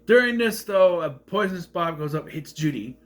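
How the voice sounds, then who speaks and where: Guy rambling thru a movie recap, lively up and down voice, kinda high. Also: normal speed. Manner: rambling, self-correcting retelling.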